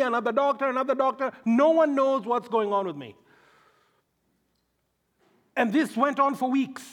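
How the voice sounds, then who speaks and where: A man from Africa delivers a sermon in a high voice that rings through a big hall with a long reverb. He leans hard on key words, then sinks into hushed, low storytelling. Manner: storytelling, swings from loud emphasis to hushed low passages. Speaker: preacher.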